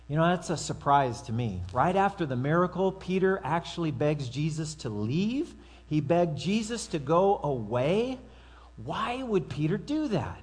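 A man's voice: fairly high pitch, big pitch swings, a little slow, husky. A man preaching a sermon to his congregation in a conversational way, with asides and acted-out quotes. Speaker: pastor.

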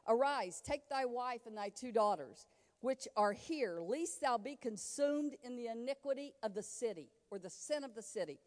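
A woman's voice: fairly high pitch, animated, moderate pace, in a large hall. A woman pastor preaching a sermon in a church, emphatic and folksy, acting out quoted dialogue. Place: church sanctuary.

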